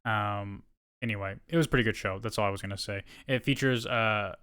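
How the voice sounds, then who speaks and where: A man's voice: lowish voice, a little fast, bright, forceful tone, clean tone. A man co-hosting a podcast, reading news items aloud and adding rambling asides in casual chat. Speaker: podcast co-host.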